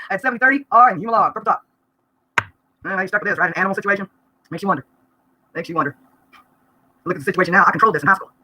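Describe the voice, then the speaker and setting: A woman, venting bluntly and rapidly during a live-stream vlog, breaking into laughter now and then. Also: medium pitch, noisy background. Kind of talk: rambling live-stream rant.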